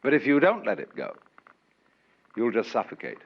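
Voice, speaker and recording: A man giving a public lecture in an unhurried, wry way, with chuckles, on an old lo-fi recording from a lecture hall. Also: medium pitch, huge pitch swings, vocal fry, breathy edge. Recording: dull lo-fi archive lecture recording.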